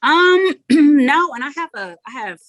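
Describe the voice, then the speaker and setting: A woman's voice: high voice, lively intonation, unhurried, no echo, highs cut off. A woman, a head coach talking frankly in a casual interview and acting out what people said. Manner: frank, acts out quotes.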